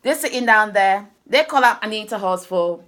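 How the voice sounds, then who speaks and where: A middle-aged woman from Nigeria with a Nigerian accent, chatting casually as a co-host and telling animated stories. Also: medium pitch, moderate pace. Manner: animated storytelling, acts out other people's voices. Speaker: podcast co-host. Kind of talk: casual chat.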